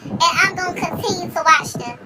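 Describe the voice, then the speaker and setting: Very high-voiced woman venting on a livestream. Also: a little fast, recorded from a distance, noisy background. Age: 30s. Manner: emotional, hurt, profane venting. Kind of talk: emotional livestream rant.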